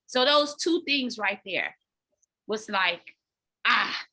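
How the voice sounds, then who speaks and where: A woman guest on a podcast, candidly telling her personal story in an animated way, often talking straight to listeners and repeating words as she goes. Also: medium pitch, takes it slowly. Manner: animated, addresses listeners as y'all, repeats words when emotional. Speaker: podcast guest, dance fitness coach.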